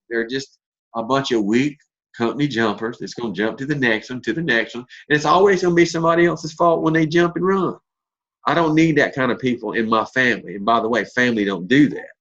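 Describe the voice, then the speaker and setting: A man's voice: mid-range voice, fairly bright tone, slightly rough, dull audio. A man in his fifties giving a motivational talk as a network marketing leader, telling stories in a blunt, folksy way with mild cursing. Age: 50s.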